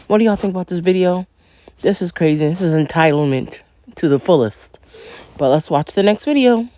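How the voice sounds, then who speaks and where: A woman's voice: lowish voice, lively intonation, a little fast, dark tone, no room sound, studio quality. A woman hosting a reaction video, talking straight to her viewers in an indignant, emphatic way. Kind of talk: casual reaction commentary.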